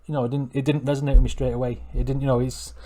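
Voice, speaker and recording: A middle-aged man talks through a song he is reacting to. He rambles, restarts his sentences and gets excitable as he goes. His voice sits at an ordinary middle pitch. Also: racing. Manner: rambling, self-correcting, excitable. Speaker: music reaction channel host. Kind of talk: casual reaction commentary.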